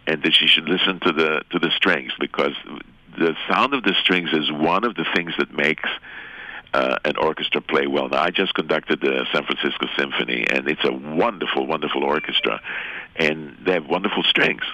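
Older guy on the phone, super deep gravelly voice, kinda bright, chuckles a lot. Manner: chuckling, unhurried, advice with restarts. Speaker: guest violinist on a phone call. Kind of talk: casual phone conversation. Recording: phone line.

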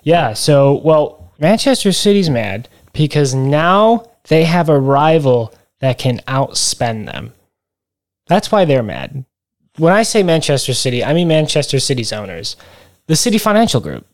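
A man's voice: on the high side, very animated, unhurried. A man co-hosting a podcast in casual chat, rambling and wry as he explains things. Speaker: podcast co-host.

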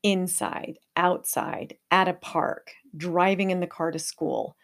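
An older woman hosting a parenting podcast, speaking calmly in a coaching tone. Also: lowish voice, slow pace. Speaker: podcast host.

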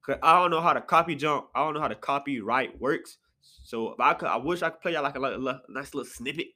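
A man hosting a casual solo podcast from his apartment, swinging between sudden high exclamations and low mutters. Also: quick pace. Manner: animated, jumps into sharp high outbursts then drops to low mutters. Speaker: podcast host. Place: apartment room.

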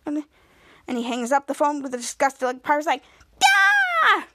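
A woman's voice: high voice, fairly even intonation, fairly quick, slight background noise. A woman podcast host giving a casual, rambling recap of a show episode, stringing events together with "and then".

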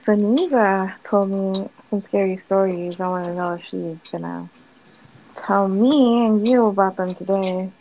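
A woman's voice: mid-range voice, measured pace, highs cut off, a little hiss or hum. A young woman co-hosting a podcast, joking along in casual chat. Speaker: podcast co-host.

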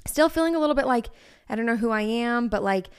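A woman's voice: on the high side, animated, fast talker, clear, resonant tone. A woman in her thirties co-hosting a podcast, talking candidly and personally, with lots of "like" in her casual chat. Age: 30s. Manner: chatty, heavy use of "like", candid and personal. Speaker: podcast co-host.

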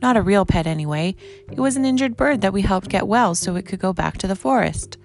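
A woman's voice: medium pitch, animated, a little fast, a little hiss or hum, close to an everyday voice. A woman voicing a sensible, careful mother bear in a storybook reading, firm and reasoning.

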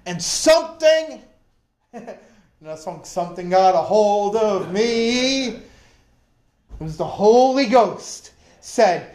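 A man preaching a sermon, telling his own story in an animated way and acting out the voices he quotes. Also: sits high, moderate pace, echoey room. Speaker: preacher giving testimony. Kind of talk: sermon testimony.

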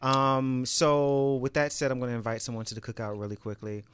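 A man's voice: medium pitch, flat delivery, fairly quick, fairly bright tone, smooth. A man hosting a casual round-table podcast, keeping things moving with an upbeat tone and frequent ums. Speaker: podcast host.

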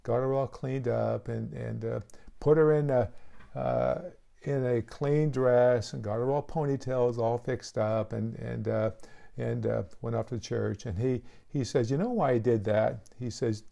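A man preaching a sermon in a gravelly voice at a middle pitch. His tone is dark and mellow, and he pleads earnestly with his listeners. He restarts his phrases often as he talks. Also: fairly even intonation, a little slow. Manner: earnest, pleading altar call with frequent restarts. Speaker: pastor.

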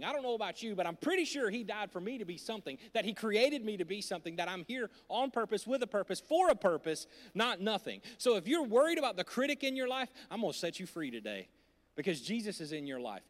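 A male pastor, preaching an animated sermon that swings from loud to hushed into a handheld microphone. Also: high-pitched. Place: church auditorium. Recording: reverberant church hall.

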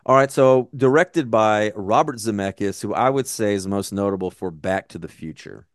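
A podcast co-host chats casually about a movie, reviewing it in a blunt, profane, rambling way. His voice is on the low side at a moderate pace, with clean studio sound and no room noise.

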